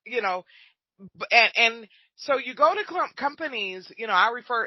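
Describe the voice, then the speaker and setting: A woman's voice: fairly high pitch, expressive, normal speed, dry recording, muffled recording. A woman hosting a podcast interview, chatty and often affirming her guest. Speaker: podcast host and business coach.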